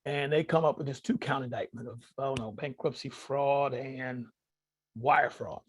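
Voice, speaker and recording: A man's voice: medium pitch, moderate pace, husky. A man on a podcast as a guest, telling his own stories casually and animatedly, often speaking straight to the listeners. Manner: animated, addresses listeners directly. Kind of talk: casual storytelling to an audience.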